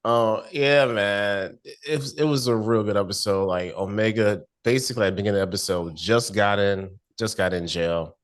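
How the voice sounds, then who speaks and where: A man's voice: on the low side, fairly even intonation, normal speed, hardly any pauses. A man co-hosting a casual review chat, laid-back and slangy, laughing often. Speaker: podcast co-host.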